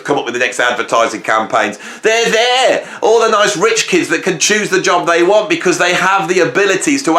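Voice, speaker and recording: A man's voice: on the high side, pushed and bright, roomy sound. A middle-aged man ranting on his own video channel, emphatic and angry, tossing in "right?" as he goes. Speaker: YouTuber. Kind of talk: ranting monologue.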